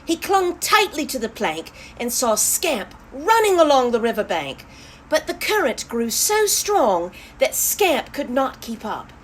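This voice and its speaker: Animated woman reading a children's story. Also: sits high, a little slow, a little hiss or hum. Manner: animated, talks to young listeners. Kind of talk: children's story read-aloud.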